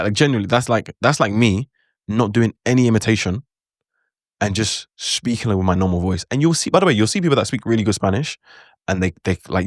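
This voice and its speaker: Brief: young guy, low voice, dry close sound, relaxed chatty tutor who thinks out loud. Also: dry recording. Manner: chatty, many "like" fillers, reflective asides. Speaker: language teacher. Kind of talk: casual spoken lesson to camera.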